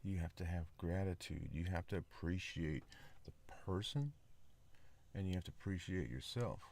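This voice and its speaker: Deep-voiced man rambling on a podcast. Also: animated, normal speed, gravelly, a little mellow. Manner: rambling, repeats himself, many fillers. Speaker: podcast host. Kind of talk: casual solo podcast monologue.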